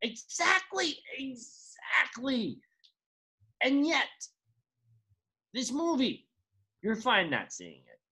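A man's voice: wildly swooping pitch, bright, forceful tone, slightly rough. A man co-hosting a casual movie podcast, ranting with sarcastic exasperation and swearing. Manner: rapid pitch swings, sarcastic. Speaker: podcast co-host. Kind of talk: casual movie-review chat.

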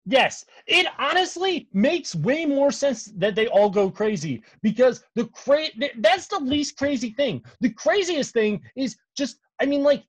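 Brief: man co-hosting a casual podcast, profane rambler, lively voice, dry close sound. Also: very high voice, measured pace, hardly any pauses, dry recording. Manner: animated, profane, rambling storyteller. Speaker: podcast co-host. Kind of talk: casual chat.

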